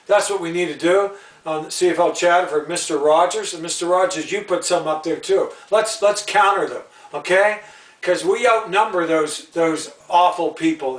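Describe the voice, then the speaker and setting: A man rambles and rails in a video blog, doubling back on phrases and tripping over hard words. His voice sits a bit high. The sound is roomy, picked up from some distance. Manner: rambling and indignant, repeats himself, stumbles over words. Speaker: channel host. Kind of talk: rambling opinion vlog. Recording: roomy sound, away from the mic.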